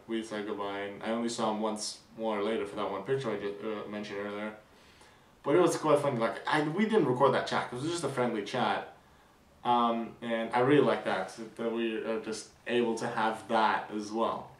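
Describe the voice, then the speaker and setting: A young man vlogging a casual weekend recap, rambling with fillers and restarts, excited. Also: fairly low pitch, echoey room, distant mic, rough recording.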